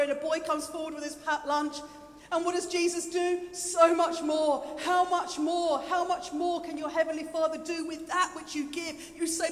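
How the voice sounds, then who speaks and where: A woman with a high voice delivers a passionate sermon to her congregation, repeating phrases and calling them to answer back. The sound carries a long echo from a church hall. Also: level tone, fairly quick. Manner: passionate, repetitive call-and-response. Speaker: preacher. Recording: echoey hall.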